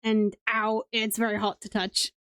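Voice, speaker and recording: Slow-talking playful British woman streamer. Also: on the high side, little pitch movement, a bit bright, smooth, no room sound, clean studio sound. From Wales. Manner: chatty, rambling, playful, talks to chat. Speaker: game streamer. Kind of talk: live gameplay commentary.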